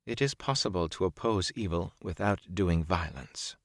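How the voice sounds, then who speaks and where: A man voicing a calm, serene woman of a peaceful wandering folk, speaking placidly and softly in an audiobook. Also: low-pitched, normal speed, no echo, studio quality. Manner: placid, soft-spoken.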